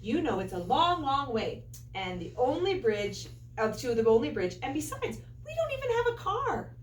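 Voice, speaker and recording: A woman voicing a patient, practical mother in a storybook, reasoning in a gently firm way. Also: sits high, big pitch swings, normal speed, slight background noise. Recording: echoey room, far from mic.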